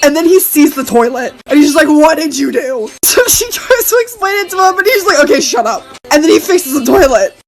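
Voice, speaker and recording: A woman's voice: very high-pitched, animated, fairly quick, few pauses, low-quality recording. A woman giggling through a casual storytime about a party mishap.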